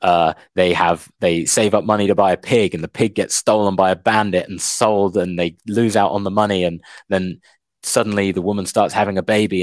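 A young man co-hosting a casual book podcast, telling a plot with lots of "like" and an animated retelling. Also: sits low, no room sound, studio quality. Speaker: podcast co-host.

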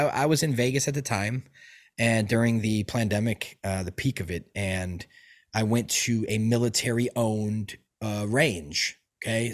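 An adult man hosts a podcast, chatting casually and telling profane stories with lots of restarts. His pitch is medium.

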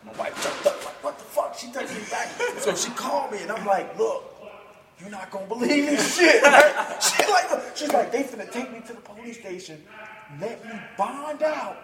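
A combat sports fighter, guesting on a podcast, tells a story in casual talk, acting out the voices of the people in it, laughing often and swearing freely. His very high-pitched voice is animated at normal speed, sounding roomy and distant over a noisy crowd.

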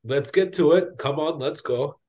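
A man's voice: a little high, normal speed, a little mellow, voice pushed up, close to an everyday voice. A man voicing an easygoing male mechanic with tool arms, breezy and matter-of-fact. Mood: teasing.

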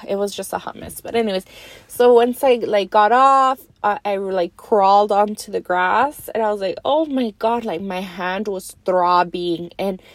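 A young woman vlogger telling a story in a casual, animated way, lots of fillers and swearing. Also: medium pitch, unhurried, no echo.

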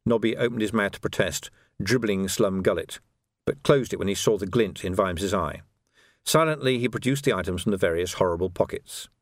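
A man narrating an audiobook in a wry, lively manner, each character given its own voice. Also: on the low side, a little fast, no echo.

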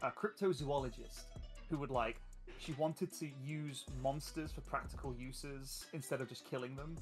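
A man's voice: mid-range voice, moderate pace, soft background music. A man in casual podcast chat, eagerly retelling the story of the tabletop game he runs and laughing along the way. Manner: animated, laughing while recounting game plot. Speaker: podcast guest, game master.

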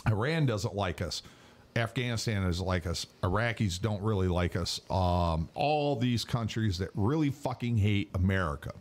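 A man with a fairly low voice holds forth on a casual podcast, ranting and swearing freely. His talk is loose and unscripted, with restarts and asides. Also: lively intonation, normal speed. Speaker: podcast co-host. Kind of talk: casual chat.

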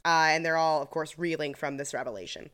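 Woman co-host, somewhat low pitch, loose filler-heavy recap chat. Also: steady tone, brisk, a bit bright, clean tone. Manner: chatty, filler-heavy retelling with laughs. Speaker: podcast co-host.

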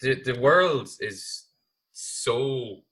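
A man's voice: medium pitch, lively intonation, extremely slow, a bit bright, low-quality recording. A young Irish man talking casually as a podcast guest, rambling with lots of fillers and swearing. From Ireland. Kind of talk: casual chat.

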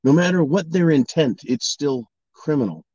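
A man's voice: on the high side, lively intonation, normal speed, darkish tone, dry recording, highs cut off. A man delivering an angry political monologue, swearing and mocking opponents in sarcastic voices. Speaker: political commentator. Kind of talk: ranting monologue.

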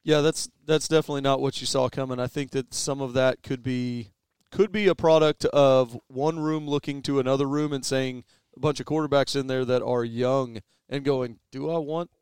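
A man's voice: medium pitch, fairly even intonation, moderate pace, few pauses, a little mellow, clean tone, dry recording. A man, co-hosting a casual sports podcast in a thoughtful, musing way, trailing off and restarting. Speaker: podcast co-host.

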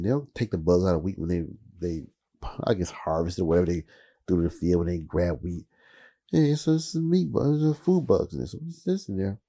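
In a casual comedic monologue, a man tells rambling, profane stories, his mellow voice jumping up high whenever he gets worked up.

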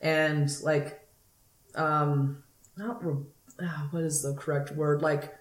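Woman podcast co-host, low voice, enthusiastic rambler, echoey recording. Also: little pitch movement, slow. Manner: enthusiastic, rambling, many fillers. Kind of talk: casual chat. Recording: echoey room.

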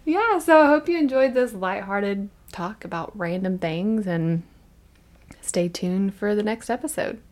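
A woman's voice: mid-range voice, lively intonation, a little slow. A woman co-hosting a podcast, telling stories animatedly and laughing often. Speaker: podcast co-host. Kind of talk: casual chat.

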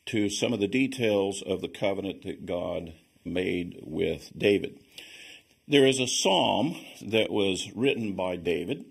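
A man teaching on scripture as a Bible teacher, explaining in a measured way and reading passages aloud. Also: fairly low pitch, vocal fry, slightly rough.

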